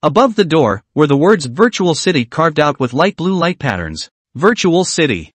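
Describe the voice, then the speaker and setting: A man's voice: on the high side, sing-song, normal speed, no room sound. A man narrating a comic story recap with dramatic storytelling.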